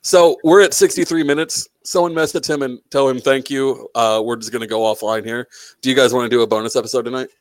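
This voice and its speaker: A man hosting a podcast in casual chat. He speaks loudly, swears freely and picks playful fights. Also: medium pitch, steady tone, fast, no echo. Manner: loud, profane, playfully combative. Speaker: podcast host.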